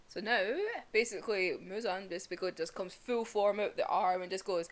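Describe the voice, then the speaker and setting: Excitable woman reviewing manga. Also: medium pitch, brisk, hardly any pauses. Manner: excitable, sweary, laughs often. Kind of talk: casual video review.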